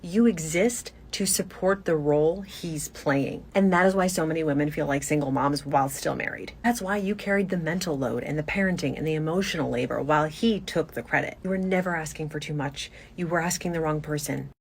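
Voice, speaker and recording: A woman's voice: low-pitched, fairly quick, hardly any pauses, slight background noise. A woman giving an emphatic, preachy monologue to camera.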